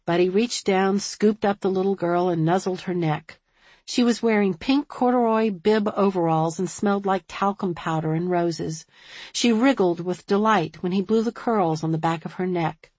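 A woman reading a novel aloud as narrator, with a husky voice. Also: fairly low pitch, normal speed, a little mellow, no echo. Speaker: audiobook narrator. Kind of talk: scripted narration.

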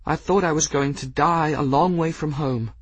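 A man's voice: a little high, big pitch swings, moderate pace, husky, no room sound, voice pushed up. A man voicing a young woman who is shaken and emotional. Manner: emotional, choked. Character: frightened young woman, tender.

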